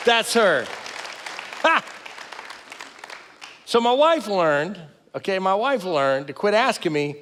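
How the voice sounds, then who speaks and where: Animated middle-aged pastor preaching. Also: male voice, high voice, takes it slowly, long pauses, in a large hall, some chatter behind. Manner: animated, folksy and self-deprecating, acting out quoted lines. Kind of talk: sermon. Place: church sanctuary with multiple campuses.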